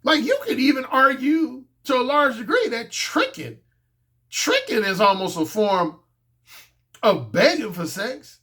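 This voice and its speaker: A man with a high voice for a male speaker holds forth as a dating coach in a loose, unscripted monologue. He talks bluntly and boastfully, with plenty of profanity. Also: sing-song, measured pace, fairly bright tone. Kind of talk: casual monologue.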